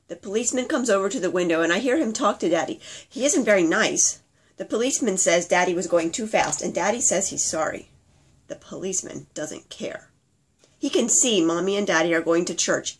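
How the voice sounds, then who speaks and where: A woman's voice: fairly low pitch, slightly rough. A woman reading her own childhood memoir aloud, telling it simply and earnestly in the voice of her five-year-old self. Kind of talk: memoir reading told in a child's present-tense voice.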